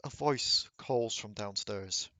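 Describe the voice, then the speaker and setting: A man's voice: on the low side, slow pace, bright, forceful tone, no room sound. Man running a tabletop game. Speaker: game master.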